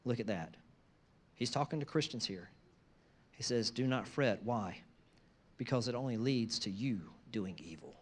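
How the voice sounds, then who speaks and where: A man preaching a sermon, moving from conversational asides to loud, emphatic repeated phrases. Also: medium pitch, lively intonation, unhurried, long pauses. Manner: conversational asides between scripture lines. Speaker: pastor.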